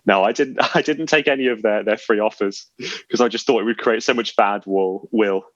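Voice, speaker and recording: A man's voice: fairly low pitch, fairly quick, fairly bright tone, no echo, lo-fi sound. A man, a podcast guest telling stories in a chatty, self-deprecating way. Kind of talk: casual storytelling chat.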